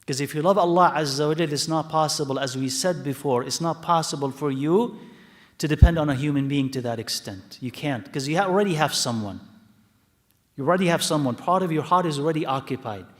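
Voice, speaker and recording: A man's voice: a little high, brisk, in a large hall. A man teaching a religious lesson to a live audience, explaining the text with repeated points, rhetorical checks and brief Arabic phrases. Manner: mixes in short Arabic phrases and blessings. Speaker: lecturer teaching hadith. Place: mosque hall.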